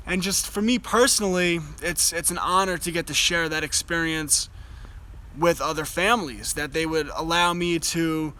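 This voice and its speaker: A man's voice: fairly high pitch, pushed and bright, rough recording. A young man speaking live from outdoors by a fire, earnest and enthusiastic, often restarting his sentences. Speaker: host. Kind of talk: casual live chat.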